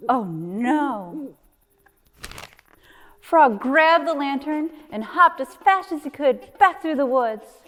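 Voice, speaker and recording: Woman reading a kids' book aloud, slow and sing-songy, echoey room with faint hiss. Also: high voice. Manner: slow, expressive storytelling with sound effects. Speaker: nature center coordinator. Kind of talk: children's book read-aloud.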